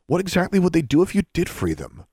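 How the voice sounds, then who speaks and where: A man's voice: fairly high pitch, wildly swooping pitch, quick pace, a little mellow, breathy edge, no echo, clean studio sound, voice pushed up, full character voice. Alexandra, a man playing an unsure young schoolgirl. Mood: uncertain. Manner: uncertain, questioning. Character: earnest young schoolgirl, unsure but polite.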